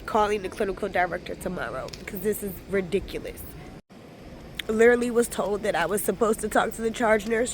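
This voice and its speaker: A woman's voice: medium pitch, a little hiss or hum. A woman vlogger ranting angrily in a hospital emergency waiting room, cursing and venting, recorded on a phone. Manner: furious, profane, venting. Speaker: travel vlogger. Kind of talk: angry vlog rant.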